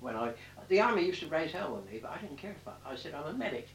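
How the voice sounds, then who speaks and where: An older man, a war veteran, rambles through his memories in a slightly high, very animated voice, talking quickly with a fairly bright tone. He swears freely and corrects himself as he goes in this oral history storytelling. The distant mic gives a roomy sound with a little hiss or hum.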